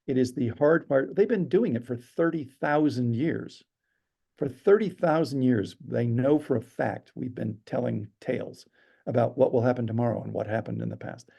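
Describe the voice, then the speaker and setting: Gravelly-voiced male storyteller. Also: medium pitch, moderate pace, highs cut off. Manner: lively storyteller acting out quotes. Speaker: storyteller guest. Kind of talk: animated anecdote telling.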